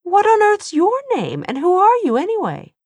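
A woman's voice: lowish voice, expressive, measured pace, dry recording, studio quality, pitched above the performer's own voice. Woman doing a flustered young American woman. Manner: flustered, blunt questions.

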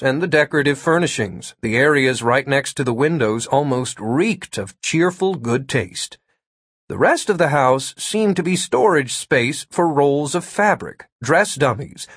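A man narrating an audiobook in an expressive, wry storytelling manner. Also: mid-range voice, slightly rough, no echo, studio quality.

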